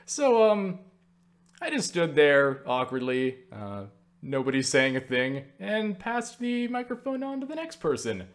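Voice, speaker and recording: A man's voice: on the high side, very animated, unhurried. A young man hosting his own channel, telling stories to camera in a rambling, filler-heavy way and casually mocking himself. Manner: rambling, full of fillers like "you know" and "like"; self-mocking, swears casually. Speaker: channel host answering viewer questions. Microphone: webcam mic.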